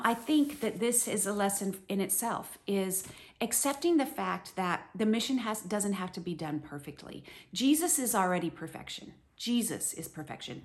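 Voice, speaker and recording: Middle-aged woman, devotional bible teaching, earnest and animated, lots of "you know". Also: medium pitch.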